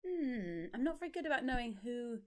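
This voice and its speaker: A woman's voice: on the high side, sing-song, brisk, a little mellow. A woman guest, a musical comedian, chatting casually on a podcast, with hesitant restarts and stammers. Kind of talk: casual chat.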